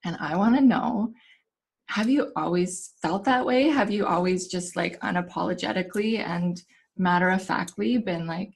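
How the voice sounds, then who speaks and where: A woman's voice: fairly low pitch, moderate pace, gravelly, breathy edge. A woman hosting a casual interview, effusive and enthusiastic with her guest. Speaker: interview host.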